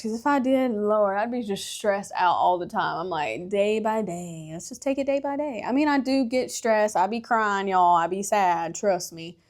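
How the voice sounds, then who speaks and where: A young woman chats on her own podcast in a loose, candid way. She laughs often and swears freely, as if talking to friends. Her voice sits in an ordinary middle register for a woman. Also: medium pitch. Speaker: podcast host. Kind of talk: casual solo podcast chat.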